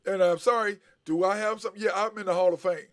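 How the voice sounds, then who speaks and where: A middle-aged man, a former basketball player, co-hosting a casual sports chat, telling stories animatedly and mimicking other people. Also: fast. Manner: animated storyteller, mimics others with big pitch jumps.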